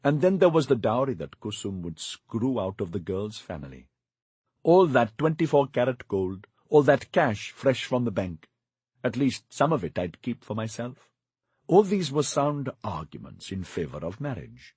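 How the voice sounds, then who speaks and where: Male audiobook narrator, wry and confessional; husky tone, lively pitch, dry close mic. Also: moderate pace, no room sound. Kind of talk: scripted first-person narration.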